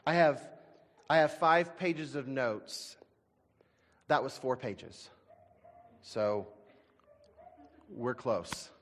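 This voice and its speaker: A male pastor preaching a sermon to a congregation, emphatic and animated, swinging from loud bursts to quiet asides. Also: mid-range voice, drawn-out words, pauses often. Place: church sanctuary. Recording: long hall reverb.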